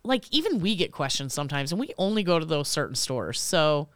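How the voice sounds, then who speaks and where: A woman's voice: low voice, sing-song, brisk, dry recording, clean studio sound. A woman co-hosting a podcast, chatting casually and acting out the people in her story. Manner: chatty storyteller, acts out quotes, laughs often. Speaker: podcast co-host, retail vendor rep. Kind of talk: casual chat.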